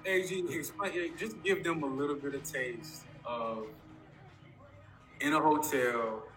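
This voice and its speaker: A male co-host asking relaxed, open questions in a casual chat. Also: on the high side, unhurried, roomy sound, faint music behind, low-quality recording.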